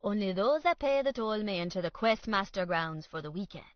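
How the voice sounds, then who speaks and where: A woman's voice: mid-range voice, animated, fairly quick, no echo, natural voice. A stiff, self-important man in a fur hat, as a female narrator puts him on, putting on a bad fake Scottish burr. His delivery is haughty and rule-bound. The read is dry and slightly muffled.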